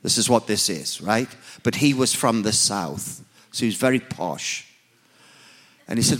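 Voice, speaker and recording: A man's voice: lowish voice, animated, a little slow, fairly bright tone. A man with a Northern English accent, a preacher telling a story in a sermon with humorous, emphatic, self-mocking delivery.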